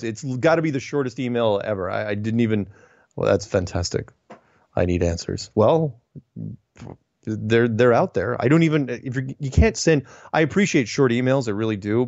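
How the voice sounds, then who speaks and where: A man hosting a solo show, reading listener emails and answering them in a wry, digressive way with puns and quick self-corrections. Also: medium pitch, darkish tone, dry recording, lo-fi sound. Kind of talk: casual solo commentary.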